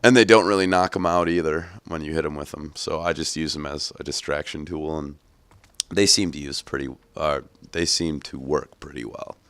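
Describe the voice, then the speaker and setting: A man's voice: rumbling low, normal speed, a bit bright, no room sound. A man hosting a gameplay walkthrough, talking casually with profane jokes. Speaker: gaming channel host. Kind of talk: gameplay commentary.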